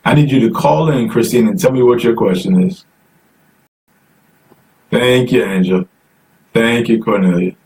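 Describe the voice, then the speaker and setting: A man's voice: medium pitch, a little slow, long pauses, a little mellow. Chatty man hosting a live call-in stream. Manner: chatty, coaxing viewers to call, reads comments aloud. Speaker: host. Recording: distant mic, faint noise.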